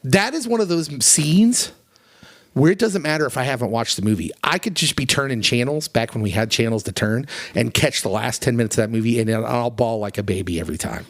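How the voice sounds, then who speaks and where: A man co-hosting a podcast in casual chat, retelling movie scenes with animated, emotional delivery. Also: medium pitch, fairly quick, no room sound. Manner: animated, emotional, acts out quotes in raised voice. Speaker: podcast co-host.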